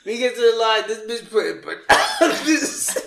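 A man's voice: extremely high pitch, huge pitch swings, measured pace, vocal fry, roomy sound, heavy background noise. A man co-hosting a podcast, telling a rowdy, profane story and breaking into laughter as he goes. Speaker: podcast co-host. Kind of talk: rowdy casual chat.

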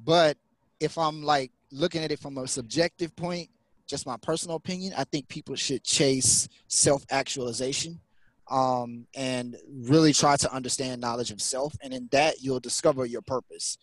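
A man talks as a podcast guest in a relaxed, thoughtful way, laying out his opinions at length. His voice sits at a middle pitch and sounds close and dry, with little room sound. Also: moderate pace, no room sound. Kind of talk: casual podcast chat.

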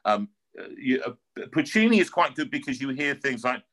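A man's voice: medium pitch, brisk, noisy background. A middle-aged man from North London with a North London accent, an opera singer telling stories in a casual interview and often repeating words as he goes. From North London, England. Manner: animated storyteller, repeats words as he talks.

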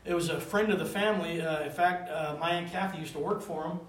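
High-voiced man preaching in an echoey room. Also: quick pace. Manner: animated, rambling, calls for responses. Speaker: pastor. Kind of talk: conversational sermon. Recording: roomy room, voice from a distance.

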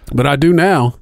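A man's voice: medium pitch, darkish tone, no echo, studio quality. A middle-aged man chatting casually as a podcast co-host, rambling through stories with many fillers and heavy swearing. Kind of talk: casual chat.

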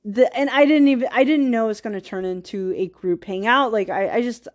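A woman's voice: on the high side, brisk, muffled recording. A woman hosting a podcast, telling a personal story in a rambling, casual way, full of "like," with wistful, self-deprecating laughs. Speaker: podcast host.

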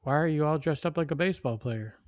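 A man's voice: on the high side, fast, darkish tone, dry recording, lo-fi sound, voice pushed up, lightly acted. A man doing a worried neighbor mom. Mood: concerned. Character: concerned neighbor mother.

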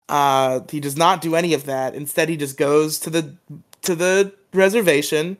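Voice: mid-range voice, fairly even intonation, a little slow. A podcast co-host giving a casual, rambling recap of an episode, laughing often and acting out quoted lines.

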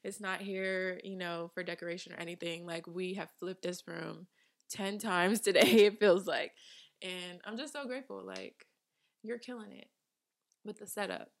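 A woman's voice: on the low side, expressive, moderate pace. A woman in her twenties hosting a podcast from her home studio, talking casually and emphatically, often laughing. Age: 20s. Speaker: podcast host. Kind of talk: casual chat.

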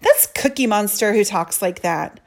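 Snippy schoolgirl, read by a woman, sharp, scornful, loud, audiobook. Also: mid-range voice, expressive, normal speed. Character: girl classmate, snippy and scornful.

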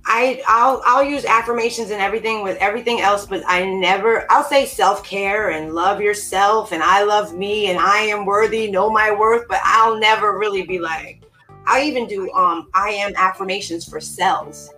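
A woman guest on a casual podcast, talking in a bright, forward voice. She rambles, restarts her sentences and cuts herself off. Faint music plays behind her. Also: medium pitch, normal speed, rough recording. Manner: rambling, self-interrupting. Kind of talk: casual chat.

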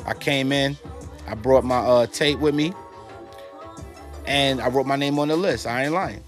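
A man, a guest telling rough, profane stories in casual talk and acting out the other voices. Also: medium pitch, unhurried, faint music behind. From New York. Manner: animated, profane, acts out quoted dialogue. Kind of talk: casual storytelling.

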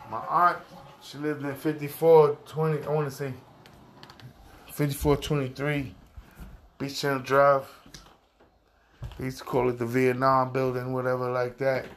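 A man's voice: medium pitch, flat delivery, a little slow, pauses often. A man from Far Rockaway, Queens, with a New York accent, talking through a profane, rambling opinion monologue as a podcast host.

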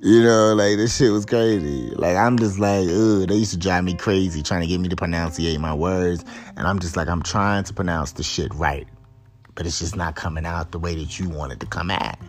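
A man's voice: low voice, fairly even intonation, a little fast, soft background music. A man hosting a podcast alone, talking in a casual, rambling, profane way, laughing often and stumbling over words. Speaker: podcast host. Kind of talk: casual solo commentary.

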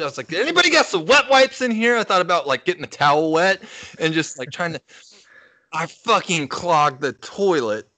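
A man's voice: on the high side, bright, forceful tone, no room sound. A young man casually telling a crude, rambling story on a podcast, laughing as he goes. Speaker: podcast co-host.

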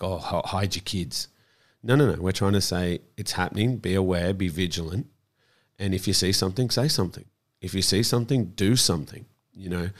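A deep-voiced earnest man. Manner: earnest, repeats words as he thinks. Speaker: child protection campaigner, guest. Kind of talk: conversational interview.

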